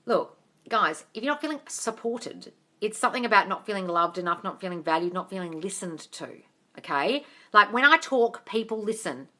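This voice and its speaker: A woman coach answering live-stream comments, blunt and sweary, calling viewers darling. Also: mid-range voice. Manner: bursts into loud excited cheers.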